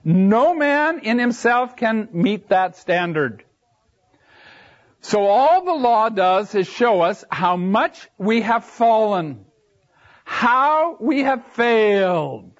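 A man preaches a Bible sermon in a high, animated voice that swoops up and down. He takes his time, leaning on key words and pausing for brief asides. The recording is dull and lo-fi. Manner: animated preaching with sudden rises and drops in pitch; slow, emphatic delivery with brief asides and restarts.

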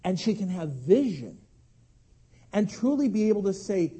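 A man in his thirties preaching a sermon, telling a family story with animated delivery and acted-out shouts. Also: sits high, normal speed, pauses often, slightly rough. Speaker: pastor.

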